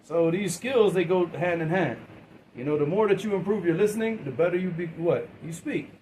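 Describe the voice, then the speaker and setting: A man teaching a class, his voice a little higher than most men's. He keeps asking his students questions and waiting for their answers, and he talks informally, repeating and restarting words. Faint room noise hums behind him. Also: brisk, a little mellow, poor audio.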